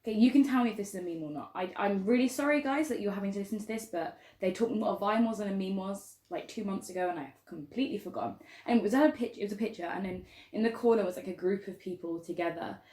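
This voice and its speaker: A woman's voice: mid-range voice, fast, few pauses, a little mellow. Giggly young woman, echoey room. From southern England. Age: young adult. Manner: giggly, rambling, self-deprecating. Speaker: podcast co-host. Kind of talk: casual chat.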